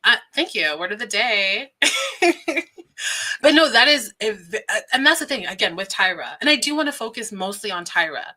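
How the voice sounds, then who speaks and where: A woman's voice: medium pitch, expressive, a little fast, hardly any pauses, sharp tone. A woman hosting a casual livestream, chatting, laughing often and reading viewer comments aloud. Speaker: livestream host.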